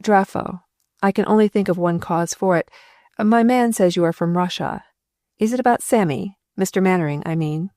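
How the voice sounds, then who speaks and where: Woman playing excitable gentleman, effusive, jovial, mellow tone, dry close read. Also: on the low side, normal speed, no room sound, natural voice. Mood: puzzled. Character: excitable male gentleman friend, hearty.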